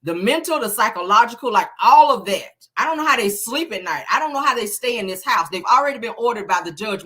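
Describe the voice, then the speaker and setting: A woman's voice: medium pitch, pushed and bright. A woman hosting a celebrity gossip show, talking in a chatty, exasperated, slangy way. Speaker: show host.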